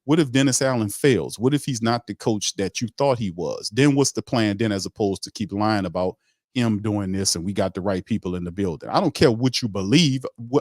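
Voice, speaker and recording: A man's voice: fairly low pitch, no echo, clean studio sound. A man hosting a sports talk show in a blunt, emphatic rant that repeats points for emphasis.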